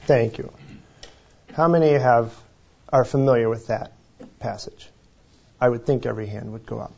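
A man leading a Bible study in a relaxed, conversational way, often correcting himself and chuckling. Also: medium pitch, normal speed, vocal fry. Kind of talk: informal Bible teaching. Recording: dull lo-fi recording.

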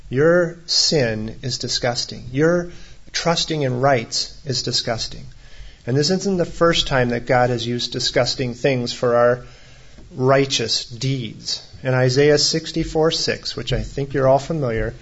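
Conversational male preacher, slightly muffled. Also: medium pitch. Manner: conversational preaching with humorous asides. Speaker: pastor. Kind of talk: sermon.

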